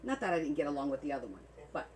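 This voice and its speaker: Chatty woman with a lively voice. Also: sits low, rapid-fire, background noise. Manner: chatty storytelling, laughs often. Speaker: craft livestream host. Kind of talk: casual chat.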